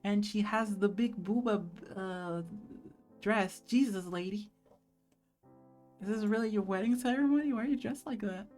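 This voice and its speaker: Woman streamer, jokey animated game commentary, swears, mid pitch. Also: normal speed, soft background music. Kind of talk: casual gameplay commentary.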